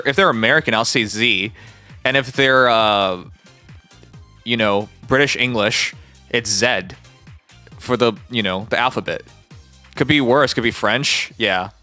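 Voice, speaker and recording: A Canadian livestreamer chatting casually, animated and mock-indignant, swearing freely. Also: mid-range voice, unhurried, pauses often, soft background music. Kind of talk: casual live-stream chat.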